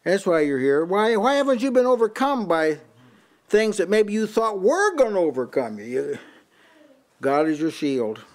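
An older man delivers a Bible-study sermon to a small house-church group. His voice sits a little high, and he stumbles over repeated words as he reads out scripture. He compares one version after another. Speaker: preacher.

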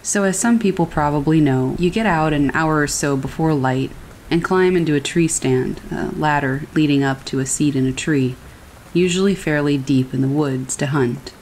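Low-voiced woman reading scary stories over rain. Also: normal speed, a little mellow, slight background noise, low-quality recording. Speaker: horror story narrator. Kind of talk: scripted narration of reader stories. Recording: faint rain behind the voice. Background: rain falling.

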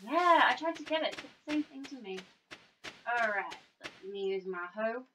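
High, lively Australian young woman gamer. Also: normal speed, noisy background. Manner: playful, giggly, jokey. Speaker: gaming co-host. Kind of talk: casual gameplay chat.

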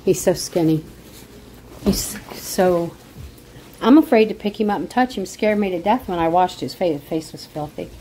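A woman's voice: on the low side, moderate pace, mellow, a little hiss or hum, poor audio. A middle-aged woman vlogging at home on her phone, chatting casually, rambling, emotional and indignant. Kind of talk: casual chat to camera.

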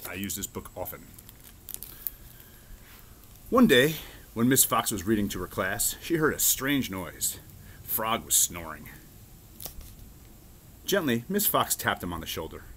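Man reading a kids' picture book aloud, lively and expressive. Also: lowish voice, unhurried, pauses often, slight background noise. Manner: expressive, storytelling. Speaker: reader.

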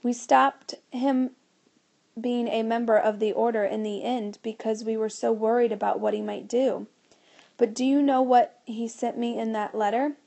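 A woman's voice: fairly high pitch, fairly even intonation, normal speed, vocal fry, mellow. A woman voicing a stern adult scientist who explains and lectures in a storybook reading. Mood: lecturing.

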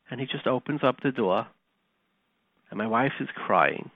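A man hosting a radio talk show, telling a story and teaching Torah, animated and conversational, dropping to quiet retellings. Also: medium pitch, normal speed, gravelly, slightly rough, dry recording. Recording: tinny phone-like line, dry.

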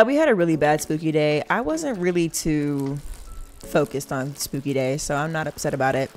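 A young woman giving chatty, giggly commentary on her game, talking to viewers as y'all. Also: low-pitched. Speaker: gaming channel host. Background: game music.

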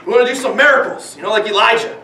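A man with a very high voice preaches from the pulpit, stacking up rhetorical questions and repeating key phrases for weight. The sound comes from a distance in a roomy church, with a lot of echo around his words. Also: very fast, sharp tone, a little hiss or hum. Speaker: pastor. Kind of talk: sermon. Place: church sanctuary.

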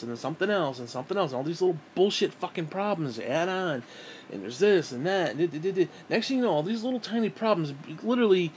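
A man's voice: on the high side, a little hiss or hum. Frustrated swearing man venting at home. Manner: frustrated, swearing, rambling with restarts. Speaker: vlogger. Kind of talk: casual rant to camera.

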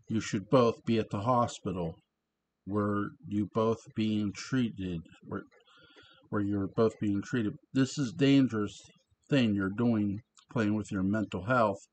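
A man's voice: lowish voice, slow, a little mellow, a little hiss or hum. A man reading the lines of an alarmed grown son confronting his mother, stumbling over some words.

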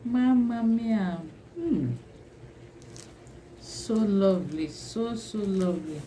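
A woman's voice: medium pitch, animated, takes it slowly, dark tone, a little hiss or hum, low-quality recording. A woman vlogger unboxing a new laptop, gushing and repeating her exclamations again and again, laughing between lines. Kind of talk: excited unboxing vlog.

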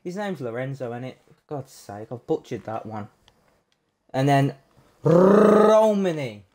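A man streaming a pack opening live, swearing freely and shouting when a good card comes up. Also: mid-range voice, normal speed. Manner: excitable, sweary, loud outbursts at good pulls.

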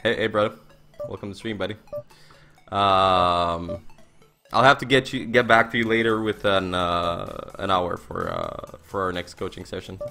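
Man, twenties, bright forceful voice, rambling, filler-heavy, swearing, casual stream chat. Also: low-pitched, measured pace, vocal fry, soft background music. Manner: excitable storyteller, laughing. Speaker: poker streamer and coach. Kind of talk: casual live-stream chat while playing poker.

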